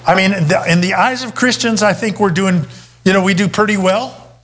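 The speaker is a middle-aged male pastor whose high, brisk voice has a fairly bright tone. During his sermon he shares a personal anecdote in a conversational storytelling style, restarting himself frequently.

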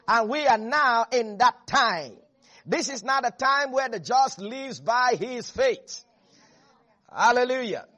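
A man with a notably high voice delivers a fervent evening sermon. He reads scripture in a measured cadence, then presses the congregation with questions and calls for them to repeat after him. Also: bright, forceful tone. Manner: emphatic preaching with call-and-response to the congregation. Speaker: preacher.

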